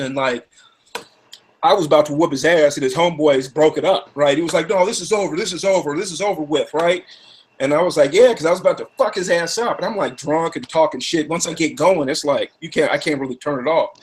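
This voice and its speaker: High-voiced guy telling a wild story, acts out the quotes, lots of swearing. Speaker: storyteller in group chat. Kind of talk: casual chat.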